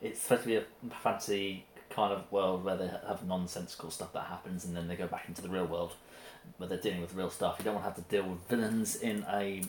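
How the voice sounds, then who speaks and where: A deep-voiced man co-hosts a casual chat over a meal, speaking fast in a steady tone and often stopping and restarting his phrases. The recording has a roomy echo and faint noise.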